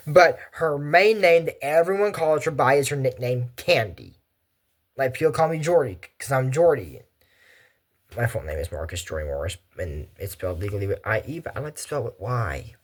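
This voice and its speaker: This young Texan hosts anime commentary, talking at a moderate pace in a mid-range voice. He recaps the show in a loose, rambling way, chatting casually, veering off on tangents, and tossing in animated asides.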